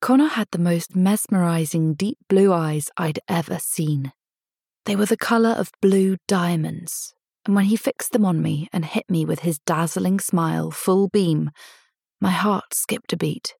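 A woman narrating a first-person novel in a measured, intimate storytelling manner, lightly voicing the dialogue. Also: lowish voice, gravelly, a little mellow, husky, dry recording, clean studio sound. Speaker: audiobook narrator.

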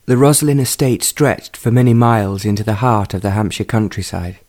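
A man narrating a period romance novel in a measured, even reading voice. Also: on the low side. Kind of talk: storybook narration.

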